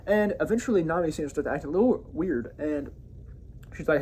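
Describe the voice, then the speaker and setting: A man's voice: fairly high pitch, moderate pace, dark tone, slight background noise. A man hosting his own review show, giving a loose, casual recap of an episode with frequent self-corrections and enthusiastic asides.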